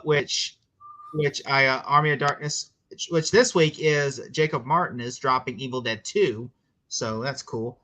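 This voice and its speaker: A young man chatting casually as a guest movie reviewer, animated and full of fillers, mocking what he quotes. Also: mid-range voice. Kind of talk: casual podcast chat.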